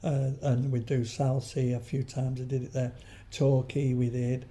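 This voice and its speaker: A man's voice: mid-range voice, level tone, a little slow, mellow. An older man, a guest in an interview, telling rambling stories full of restarts and asides. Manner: rambling storyteller, frequent restarts and trailing asides. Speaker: guest, veteran comedian. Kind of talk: anecdotal interview chat.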